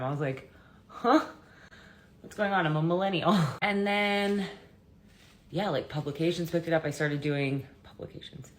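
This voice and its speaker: Raspy-voiced woman chatting through makeup. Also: rumbling low. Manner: chatty and offhand, soft-spoken. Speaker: beauty vlogger. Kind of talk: casual makeup tutorial chat.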